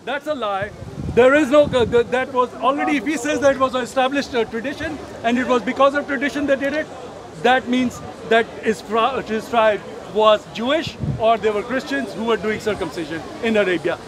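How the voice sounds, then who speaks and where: A man's voice: extremely high pitch, fairly quick. A man in a street debate, answering defensively and dismissively. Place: outdoors on a city street. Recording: crowd noise around the speaker. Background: crowd.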